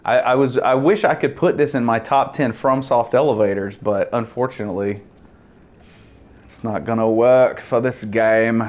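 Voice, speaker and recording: Dude rambling n joking while he plays a game, laughs at his own bits, normal pitch. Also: normal speed, darkish tone, highs cut off. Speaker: gameplay commentator. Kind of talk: casual let's-play chat.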